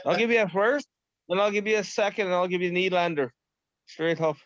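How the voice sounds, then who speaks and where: A man co-hosting a casual podcast, joking and cursing freely. His voice sits high, and the dull, dry recording has no room sound. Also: fairly quick, fairly bright tone, no room sound. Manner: profane, joking. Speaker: podcast co-host. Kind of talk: casual sports podcast chat.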